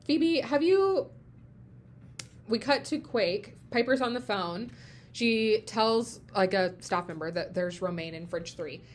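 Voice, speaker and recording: A woman's voice: medium pitch, measured pace, faint music behind. A woman hosting a podcast, retelling TV scenes in casual chat, often saying "like". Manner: retells scenes with frequent "like" fillers. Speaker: podcast host.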